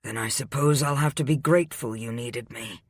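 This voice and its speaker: Man doing a calm domineering rich man, measured, patient, quietly commanding, audiobook romance, dry close sound. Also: mid-range voice, no echo, natural voice.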